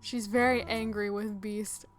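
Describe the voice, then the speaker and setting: A woman's voice: medium pitch, little pitch movement, unhurried. A young woman casually commenting on her own gameplay, thinking aloud with lots of fillers as she decides what to do next. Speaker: gaming channel host. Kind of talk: casual let's-play commentary.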